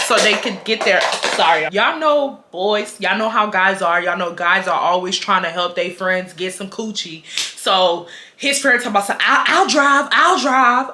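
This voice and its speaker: A woman in her twenties from Houston telling a storytime vlog in casual chat, animated and acting out what people said. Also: medium pitch. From Houston, Texas. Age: 20s. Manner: animated, quotes people, switches between laughing and getting fired up. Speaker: vlogger.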